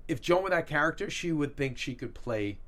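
A man co-hosting a casual recap chat, animated and excitable, acting out what others said. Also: on the high side, brisk. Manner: animated, excitable, acts out quotes. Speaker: podcast co-host.

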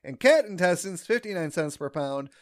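A man's voice: sits high, expressive, normal speed. A man co-hosting a podcast in casual chat, recapping a cartoon episode in a laid-back, rambling way. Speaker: podcast co-host.

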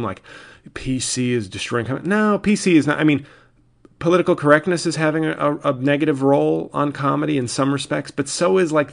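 A man, a comedian, talking alone in a rambling, exasperated way, restarting sentences often. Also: mid-range voice. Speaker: podcast host and comedian. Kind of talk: casual solo monologue.

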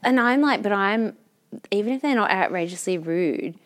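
A woman's voice: medium pitch, normal speed. A young Australian woman co-hosting a podcast, telling stories in a chatty, swearing way. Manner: chatty, swearing, animated storytelling. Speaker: podcast co-host. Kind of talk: casual chat.

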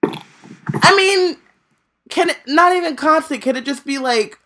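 A woman co-host with a bright, sharp-edged voice, firing off wisecracks and joking asides. Her delivery is loose and conversational, and she chimes in in quick bursts. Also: high voice, animated, a little hiss or hum. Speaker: podcast co-host. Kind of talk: casual book-discussion podcast.

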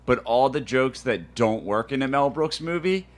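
A man's voice: mid-range voice, lively intonation, moderate pace. A man co-hosting a movie podcast, blunt and joking in casual chat. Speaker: podcast co-host.

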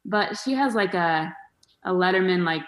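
A woman's voice: fairly low pitch, lively intonation, moderate pace. Woman comedian guest, casual and rambling, fillers galore, echoey room. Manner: chatty, lots of fillers and restarts. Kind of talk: casual podcast chat.

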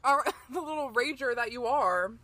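A woman's voice: sits high, lively intonation, normal speed, crowd noise. A woman co-hosting a true crime podcast, jokey and bubbly, chiming in with questions and teasing remarks. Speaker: podcast co-host. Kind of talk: casual true crime chat.

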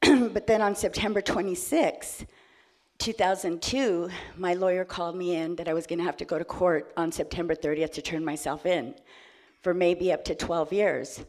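Animated woman telling a personal story. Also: on the low side, moderate pace. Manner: animated, laughing, acts out dialogue. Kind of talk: personal story told to an audience.

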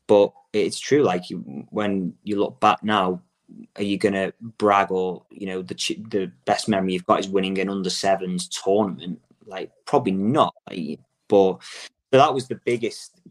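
A man's voice: deep voice, fairly even intonation, moderate pace. A young man from England, a soccer coach chatting casually as an interview guest, rambling with frequent restarts. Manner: rambling, many restarts and "like" fillers.

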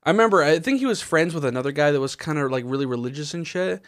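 A young man tells a rambling story on a podcast, stuffing it with fillers and acting out the other people in it. His voice sits a little high, and it sounds dry and close, with no room around it. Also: lively intonation, racing, no echo. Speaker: podcast co-host. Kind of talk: casual chat.

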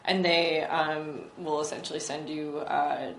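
A woman's voice: low-pitched, fairly even intonation, measured pace. Woman, casual tech chat, filler-heavy, roomy echo, faint noise. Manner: chatty, hesitant with fillers, laughs often. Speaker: co-host presenting startups. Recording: echoey room with faint noise.

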